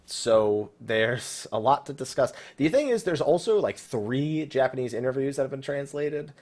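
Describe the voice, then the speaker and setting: A man's voice: mid-range voice, expressive, normal speed, darkish tone. A young man hosting a casual gaming podcast, rambling and joking with a laugh in his voice. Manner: jokey, rambling, laughs often. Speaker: podcast host.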